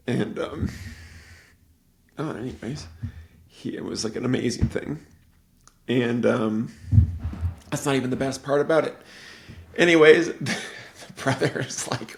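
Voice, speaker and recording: Gravelly man rambling through a movie retelling. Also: mid-range voice, unhurried, long pauses. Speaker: podcast host. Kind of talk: casual podcast chat.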